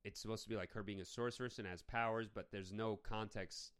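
A man's voice: lowish voice, fairly even intonation, fairly quick, fairly bright tone, clean tone. A man co-hosting a casual movie review podcast, ranting sarcastically and swearing. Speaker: podcast co-host.

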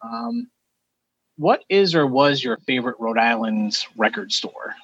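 A man hosting a podcast, asking questions in a relaxed, hesitant way with fillers. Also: mid-range voice, unhurried, husky, no room sound, dull audio. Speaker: podcast host. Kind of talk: casual interview chat.

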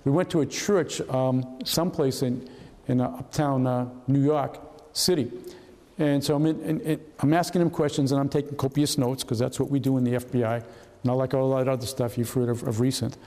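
A brisk, medium-pitched man in his seventies speaks in a large hall at a historical society event. He's a retired FBI agent sharing anecdotes, a spirited storyteller who voices the people in his stories.

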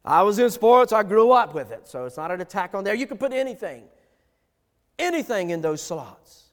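A man's voice: high voice, very animated, normal speed. A middle-aged male pastor preaching a sermon with emphatic, repetitive phrasing. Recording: long hall reverb.

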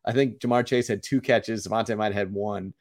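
A man's voice: on the low side, fairly even intonation, a little fast, a little mellow. A man co-hosting a casual sports podcast, talking in an upbeat, chatty way and laughing often. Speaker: podcast co-host.

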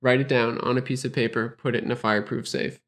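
A man's voice: mid-range voice, quick pace. Canadian man explaining casually. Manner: relaxed, explains with examples, laughs easily. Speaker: podcast co-host.

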